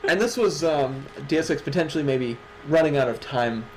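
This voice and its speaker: A man's voice: on the high side, expressive, brisk, darkish tone, low-quality recording. A man co-hosting a livestreamed awards show, chatting casually with sarcastic jokes and casual swearing. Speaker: stream co-host. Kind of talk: casual stream chat.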